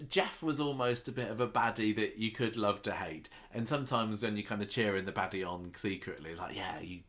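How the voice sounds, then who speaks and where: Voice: medium pitch, fairly quick, a bit bright. A co-host in a casual chat about a soap, who laughs easily and adds playful asides. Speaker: podcast co-host.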